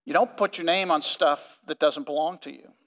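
A male pastor preaching a sermon, earnest and emphatic, slowing down to stress key phrases. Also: a little high, a bit bright, in a large hall, highs cut off. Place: church sanctuary.

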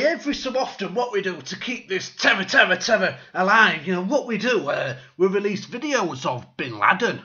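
A man rants through a satirical comedy monologue, sarcastic and full of swearing. His voice sits high and bright and swings widely in pitch. The recording sounds dull and lo-fi. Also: lively intonation, a little fast, hardly any pauses, echoey room.

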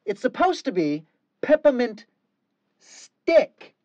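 A woman's voice: a little high, big pitch swings, moderate pace, no echo, lo-fi sound. A woman directing a recording session, exasperated and correcting the singer again and again.

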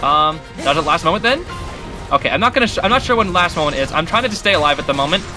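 A man hosting a gaming channel, giving excitable, chatty commentary while he plays and talks to the characters on screen. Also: a little high, fast talker. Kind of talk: casual gameplay commentary. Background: game music.

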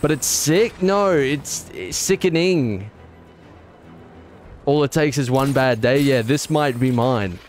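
A man's voice: mid-range voice, takes it slowly, faint music behind. A man streaming a video game, rambling and correcting himself, with exasperated outbursts. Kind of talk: casual gameplay commentary.

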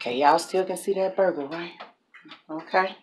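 Chatty woman with a low voice. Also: normal speed, heavy background noise. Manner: chatty, self-talking, laughs at her own mistakes. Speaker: mukbang cooking vlogger. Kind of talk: casual cooking chat to camera. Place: home kitchen with grill.

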